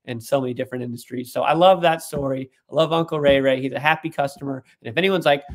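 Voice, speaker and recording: A man as an interview guest, telling an animated story and putting on voices for the people he quotes. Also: medium pitch, fast talker. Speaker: guest, tech executive.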